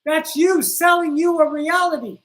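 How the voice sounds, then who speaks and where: A woman's voice: high-pitched, moderate pace, low-quality recording. A woman hosting a spiritual teaching livestream, talking to her viewers bluntly, swearing freely and driving points home with insistent repetition. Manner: blunt, profane, preachy.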